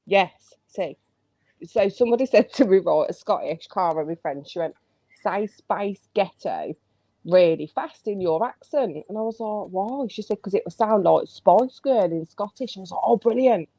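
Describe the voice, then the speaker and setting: A woman's voice: medium pitch, normal speed, dark tone, no room sound. A woman who is a guest on a casual late-night live chat, giggly and chatty. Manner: giggly, chatty storyteller, swears.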